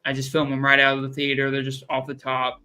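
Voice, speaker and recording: Southern young man co-hosting a podcast, bright tone, self-mocking ramble. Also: medium pitch, completely flat delivery, quick pace, smooth, soft background music. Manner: rambling, self-deprecating, joking. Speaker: podcast co-host. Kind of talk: casual podcast chat. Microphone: streaming call mic.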